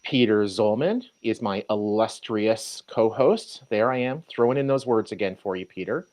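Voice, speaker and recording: American guy hosting a podcast, easygoing, kinda low voice. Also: normal speed, a little mellow. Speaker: podcast co-host. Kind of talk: podcast chat.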